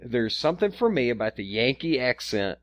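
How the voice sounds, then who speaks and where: A man talks in loose, profane podcast chat, his voice sitting at an ordinary middle pitch. He wanders through his stories, stumbling and restarting his sentences as he goes. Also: sing-song, fairly quick, a bit bright. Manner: rambling, profane, stammers and restarts. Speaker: podcast co-host. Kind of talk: casual chat.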